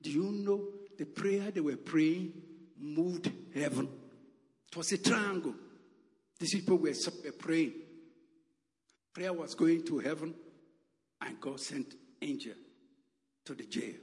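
A man's voice: on the high side, slow pace, long pauses, a little mellow, in a large hall. A man preaching a sermon with emphatic calls and repeated exclamations.

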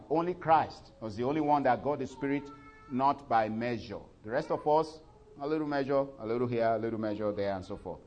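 In this sermon, a male preacher gets loud and high-pitched during scripture readings, then goes quiet for asides. Fillers and self-corrections come up often, and the recording has its highs cut off.

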